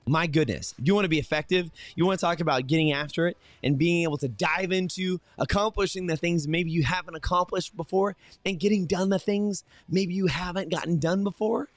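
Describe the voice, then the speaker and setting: A man's voice: high-pitched, fairly quick, few pauses, dry recording. A man hosting a morning motivational livestream, talking straight to his viewers with energy and lots of fillers and restarts. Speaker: host.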